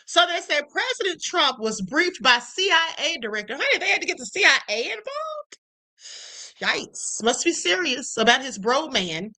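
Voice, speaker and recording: A woman hosts a casual live stream. She reads the news aloud and breaks in with sassy, chatty remarks. Her voice is bright and sits a little high. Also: sing-song, normal speed.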